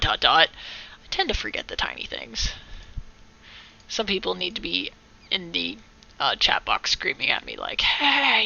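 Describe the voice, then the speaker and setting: A woman's voice: fairly low pitch, creaky, bright, forceful tone, dull audio. A woman giving a casual live-stream tutorial on digital art, rambling, joking and correcting herself as she chats with viewers. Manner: rambling, jokey, self-correcting, talks to chat.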